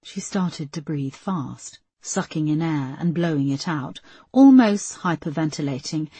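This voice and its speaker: A woman narrating an audiobook in a measured, even storytelling manner. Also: low-pitched, breathy edge, no echo. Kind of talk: scripted narration.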